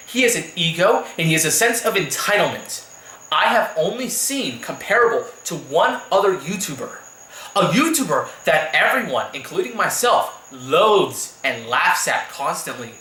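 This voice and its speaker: A man's voice: sits high, sharp tone, roomy sound, low-quality recording. A man delivering a heated, profanity-laced rant as a YouTube commentator, repeating himself for emphasis. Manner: heated, profane, repetitive ranting. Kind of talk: angry rant vlog.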